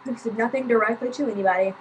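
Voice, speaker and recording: A woman's voice: a little high, rapid-fire, slight background noise, low-quality recording. A woman vlogger telling a story in a chatty, casual way, with lots of fillers and swearing.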